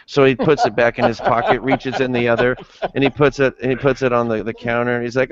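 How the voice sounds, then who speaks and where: A man's voice: medium pitch, level tone, quick pace, dry recording. A man in casual livestream chat, rambling and profane, telling a crude joke over lo-fi stream audio. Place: home livestream.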